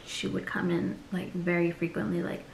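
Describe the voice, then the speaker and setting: A woman's voice: fairly low pitch, monotone, moderate pace, gravelly, reverberant, slight background noise. A woman vlogger telling a personal story in a candid, chatty way and acting out the people she quotes.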